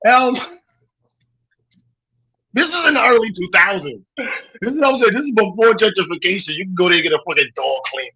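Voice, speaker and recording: A man's voice: high voice, expressive, normal speed, long pauses, pushed and bright, breathy edge, muffled recording. A man from Brooklyn with a New York accent, hosting a livestream and ranting in a mocking, profane way with bursts of laughter. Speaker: livestream host. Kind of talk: livestream rant.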